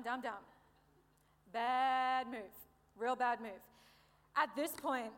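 A woman preaching a sermon in a playful, conversational way, joking with the congregation. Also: a little high. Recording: reverberant hall.

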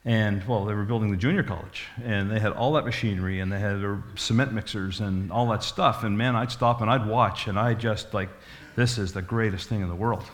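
A man's voice: on the low side, fairly even intonation, a little fast, hardly any pauses. A man in his sixties, a pastor telling stories in a folksy, rambling sermon. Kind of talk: storytelling sermon.

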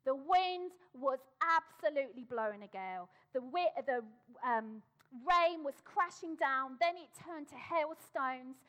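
A woman's voice: high-pitched, lively intonation, a little slow, few pauses, a bit bright. A middle-aged woman preaching a sermon, emphatic and repeating her phrases for effect.

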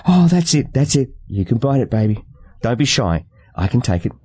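A man's voice: on the low side, moderate pace, a little mellow, husky, no room sound. A man reading the lines of a bold, uninhibited woman in an audiobook, with an eager, teasing delivery.

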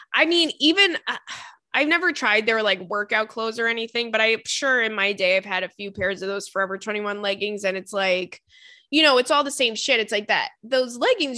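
A woman's voice: fairly high pitch, bright, forceful tone, dry recording, clean studio sound. A young woman hosting a casual show, reading listener letters aloud and giving chatty, profane advice. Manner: chatty, swears casually, shrieks and laughs. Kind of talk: casual chat.

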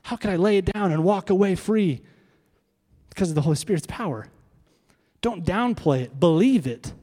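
A man's voice: high voice, lively intonation, moderate pace, mellow. A pastor preaching a sermon to his congregation, conversational, throwing rhetorical questions to the room. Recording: long reverb of a hall.

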